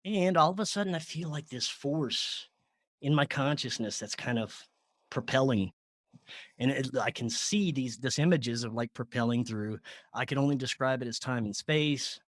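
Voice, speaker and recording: Animated man telling a story, dry sound. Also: medium pitch, normal speed, dry recording. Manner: animated, laughs often, many fillers. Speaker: podcast guest. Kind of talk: casual storytelling.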